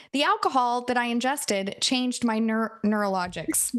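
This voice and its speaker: Woman, fairly high voice, chatty storyteller, coaching talk, live audience, checks in often. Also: expressive, moderate pace, a bit bright, clean tone. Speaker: NLP and hypnosis coach.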